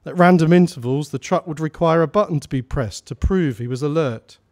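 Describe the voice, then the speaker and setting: Man giving a measured story reading. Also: on the high side, a little mellow. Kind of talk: story reading at a live salon.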